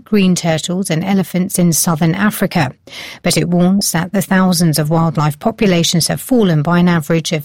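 A woman newsreader reading scripted headlines in a measured, formal way. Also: fairly low pitch, darkish tone, dry recording, studio quality. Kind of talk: scripted news bulletin. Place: studio.

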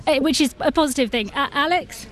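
A woman presenting a live radio news show, briskly steering guests. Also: sits high, a little hiss or hum. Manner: brisk, quick to hand over to guests.

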